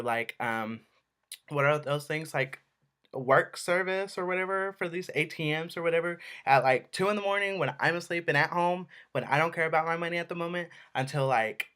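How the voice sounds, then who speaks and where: A man's voice: a little high, brisk, sharp tone, clean tone. A young man ranting in an exasperated vlog, swearing and saying "like" a lot. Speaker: vlogger.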